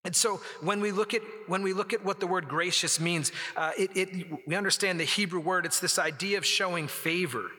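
Man, pastor, sermon, earnest and conversational, very bright tone, slightly high voice, church hall echo. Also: brisk, few pauses, slightly rough. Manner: earnest, conversational preaching with storytelling. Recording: long hall reverb.

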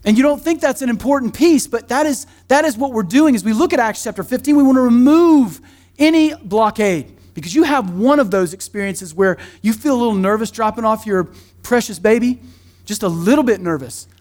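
A middle-aged man, a pastor, preaching a sermon in a church in a conversational, joking way with quick asides. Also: very high voice, darkish tone. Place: church sanctuary.

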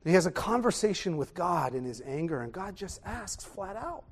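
A man preaching a sermon, animated, swinging from loud exclamations to hushed tones. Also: high voice, moderate pace, husky.

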